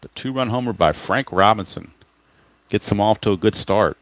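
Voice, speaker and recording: A man's voice: fairly low pitch, moderate pace, a bit bright, dry recording. Chatty man calling a dice baseball game. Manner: chatty, explains each dice roll, greets viewers by name. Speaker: tabletop baseball game host.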